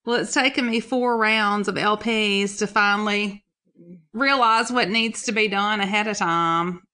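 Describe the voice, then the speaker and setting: A woman's voice: mid-range voice, fairly even intonation, measured pace, sharp tone. A middle-aged woman, animatedly telling stories in a casual chat and laughing often.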